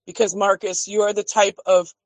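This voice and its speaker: Woman caller, heartfelt, halting, dry sound. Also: medium pitch, little pitch movement, dry recording, low-quality recording. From Chicago area. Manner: heartfelt, searching for words.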